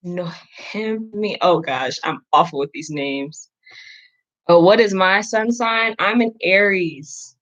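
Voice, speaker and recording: A woman's voice: fairly low pitch, slow pace, a bit bright, dull audio. A woman hosting a live astrology reading, chatting casually with viewers and poking fun at herself. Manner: chatty, talks to the chat, self-deprecating. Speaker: astrology reader, stream host. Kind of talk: casual livestream chat.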